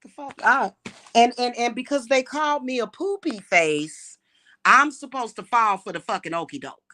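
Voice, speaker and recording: A woman's voice: fairly high pitch, moderate pace, sharp tone. A woman ranting heatedly on a livestream, cursing often, repeating words when worked up and calling her viewers y'all. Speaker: livestream host.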